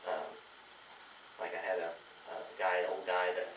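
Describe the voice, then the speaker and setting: Deep-voiced man teaching, echoey and distant. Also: monotone, measured pace. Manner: rambling, many fillers and restarts. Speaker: Bible class teacher. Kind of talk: church teaching. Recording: echoey room, mic far off, faint hiss.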